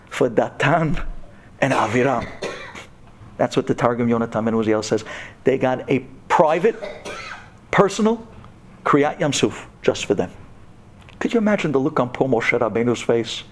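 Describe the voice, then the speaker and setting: A man's voice: mid-range voice, expressive, normal speed, long pauses, a little hiss or hum. A man giving a humorous Torah talk to a women's audience, telling the story with jokes and acted-out scenes. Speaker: Torah teacher.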